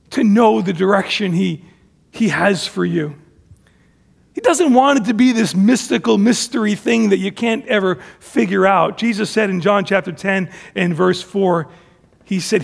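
A man's voice: high voice, unhurried, creaky, husky, big-room sound. A middle-aged man preaching a sermon as pastor, talking conversationally with frequent restarts and acting out bits of family dialogue.

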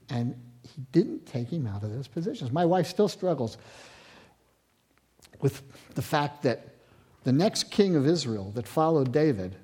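A man in his sixties, a pastor preaching a sermon, moving from loud emphatic lines to hushed near-whispers. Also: mid-range voice, slightly rough.

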